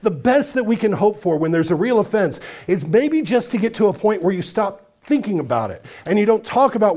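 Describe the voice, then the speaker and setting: With a voice that sits high and a little mellow, a man delivers a sermon as pastor. He speaks earnestly and emphatically, piling up lists and asking his congregation questions directly.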